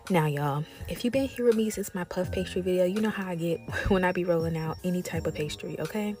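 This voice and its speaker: Girl chatting thru a cooking vlog, lowish mellow voice, y'all every other line, soft music behind. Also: a little fast. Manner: chatty, talks straight to viewers, calls them y'all and besties. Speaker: cooking creator. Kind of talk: casual cooking vlog chat.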